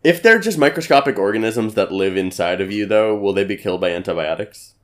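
Deep-voiced young man with deadpan humor. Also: a little fast. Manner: dry, deadpan jokes. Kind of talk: casual chat.

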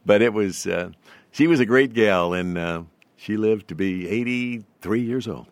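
An older man with a low, smooth broadcaster's voice and a trace of a Southern accent. He tells long anecdotes at an unhurried pace, with a seasoned announcer's polish. The sound is dry and close to the mic. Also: dry recording. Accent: faint Southern US. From Southern United States. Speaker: guest, veteran broadcaster. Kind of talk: storytelling in an interview.

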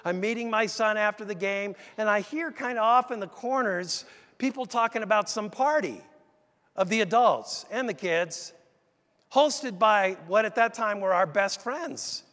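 A middle-aged man preaching a sermon, telling a story in a lively, conversational way and speaking straight to the congregation. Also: high voice, a little slow. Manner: animated, conversational, addresses the congregation directly. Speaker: pastor. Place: large church. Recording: echoey church hall.

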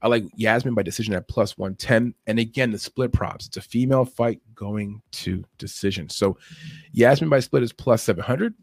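Gravelly, husky man breaking down fight odds. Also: mid-range voice, darkish tone, no echo. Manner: talks fast and loose, restarts often, chuckles at his own points. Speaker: MMA betting analyst. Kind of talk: casual podcast fight breakdown.

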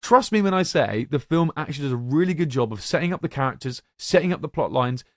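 A man's voice: on the high side, lively intonation, quick pace, no echo, clean studio sound. A young man co-hosting a podcast, enthusiastically praising films and addressing listeners like a showman. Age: young adult. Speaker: podcast co-host. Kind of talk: enthusiastic film-ranking chat.

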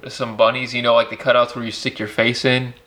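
A man chatting casually as a podcast co-host, relaxed and chatty, saying "like" often. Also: medium pitch, brisk. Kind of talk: casual chat recapping a film.

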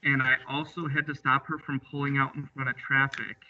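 A man with a very bright, forceful voice, recounting stories from his work as a driving examiner. He tells them in an easygoing way, quoting the people he met. The audio sounds a bit muffled and slightly distant from the mic. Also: mid-range voice, little pitch movement, a little fast. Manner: easygoing, recounts with quoted dialogue. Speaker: drive examiner. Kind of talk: storytelling in an interview.

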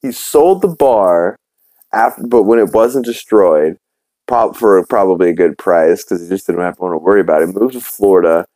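A man's voice: low-pitched, normal speed, dark tone, no echo, low-quality recording. A man hosting a podcast who recaps an episode in a casual, rambling way, swearing freely. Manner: rambling, profane, full of fillers and restarts. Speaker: podcast host.

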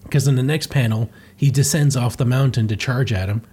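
A man's voice: mid-range voice, fairly quick, dark tone, slightly rough. A man reading through a comic and commenting sarcastically, swearing casually. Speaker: comic reviewer.

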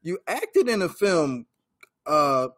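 A man hosting a podcast interview, talking in a relaxed, halting way with lots of fillers. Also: fairly high pitch, no echo, studio quality. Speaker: podcast host. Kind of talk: casual interview chat.

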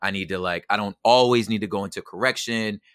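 A bright, forceful male voice with a dry, close sound. He talks as an interview guest in an animated, slangy way. He keeps checking that his listener follows him. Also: fairly low pitch, fast talker, clear, resonant tone, no room sound. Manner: animated, slangy, keeps asking "you know what I'm saying". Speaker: poet and emcee. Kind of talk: casual interview conversation.

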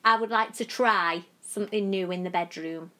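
A woman's voice: medium pitch, moderate pace, a bit bright. A woman, co-hosting a podcast in playful, giggly casual chat. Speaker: podcast co-host. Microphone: podcast mic with headphones.

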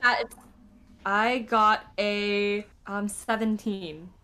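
A woman's voice: mid-range voice, fairly even intonation, very slow, pushed and bright, smooth. A woman playing in a tabletop game, hesitant and polite. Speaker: player. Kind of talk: casual tabletop play.

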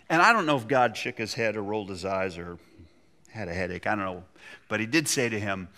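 A man preaching a sermon, retelling Bible stories with animated storytelling and acted-out voices. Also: medium pitch, normal speed. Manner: animated storytelling, acting out voices of biblical figures. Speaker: pastor.

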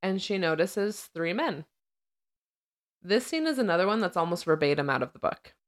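A woman's voice: lowish voice, sing-song, normal speed. A woman co-hosting a podcast, casually recapping a film and sharing trivia with frequent laughs. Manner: chatty, laughs often, retells scenes and trivia. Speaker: podcast co-host.

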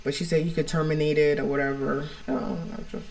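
A woman with a low voice tells a personal story at home for a podcast. She talks frankly and rambles, filling her sentences with "like" and "you know". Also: fairly even intonation, quick pace, creaky, darkish tone. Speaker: podcast co-host.

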